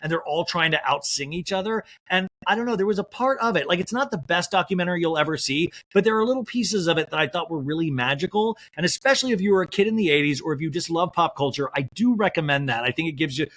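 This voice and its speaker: Animated chatty man, higher voice. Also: quick pace, few pauses. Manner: animated, swears, lots of "like". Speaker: podcast host. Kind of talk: casual chat.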